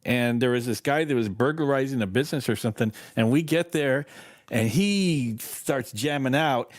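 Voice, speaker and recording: A man's voice: medium pitch, moderate pace, dry recording, clean studio sound. An older man co-hosting a podcast, telling stories in a rambling way with laughs. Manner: rambling, laughing, self-correcting. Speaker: co-host. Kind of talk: casual storytelling.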